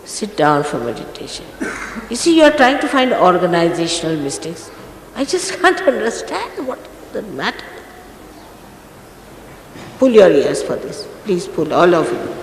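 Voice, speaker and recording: A woman speaks as a spiritual teacher, scolding her listeners with firm emphasis. Her pitch swings widely from phrase to phrase. The old recording is roomy and echoey, with a long reverb and a faint hiss. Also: sing-song, measured pace, long pauses. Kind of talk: spiritual talk to followers.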